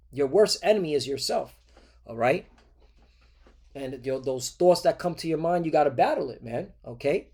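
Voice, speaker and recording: A man's voice: mid-range voice, darkish tone. Man preaching a casual lesson. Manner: conversational, peppered with "all right" and "okay" tags; halting, repeated fillers and restarts. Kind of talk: informal sermon lesson.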